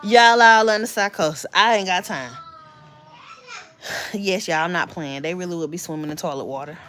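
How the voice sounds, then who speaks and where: A woman's voice: on the low side, normal speed, a bit bright, slight background noise. Chatty woman in her late thirties. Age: late 30s. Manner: chatty, confiding, addresses viewers as y'all and honey. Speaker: livestream host. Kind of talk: casual live-stream chat.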